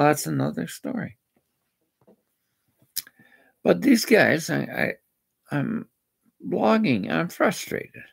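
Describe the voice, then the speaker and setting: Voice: medium pitch, vocal fry, husky. A speaker from Canada, ranting indignantly in a rambling personal vlog. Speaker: vlogger. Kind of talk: angry personal rant.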